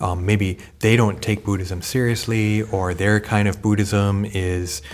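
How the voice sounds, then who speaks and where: A man's voice: on the low side, fairly even intonation, measured pace, a little hiss or hum. A man co-hosting a podcast, speaking casually with wry sarcastic asides and frequent murmured agreement. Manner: wry, sarcastic asides, many "mm-hmm" backchannels. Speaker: podcast co-host. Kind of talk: casual discussion.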